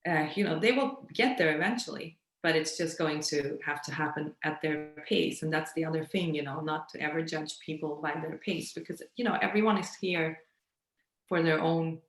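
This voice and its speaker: A woman's voice: low-pitched, moderate pace, echoey room. A woman guest in a casual conversation who often searches for words, with many fillers and restarts.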